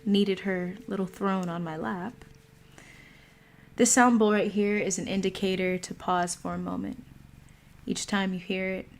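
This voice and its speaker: A woman hosting a livestream mindfulness talk, speaking calmly and pausing often. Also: medium pitch, gravelly, a little hiss or hum. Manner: slow, calm, pausing often. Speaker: meditation host. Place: home.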